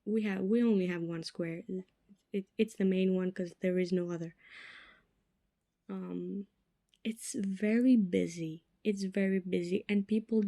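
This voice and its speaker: Slow, mellow-voiced young woman podcasting. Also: mid-range voice, no echo, clean studio sound. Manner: chatty and self-mocking, drops to whispered asides. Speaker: podcast host. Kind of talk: casual solo podcast chat.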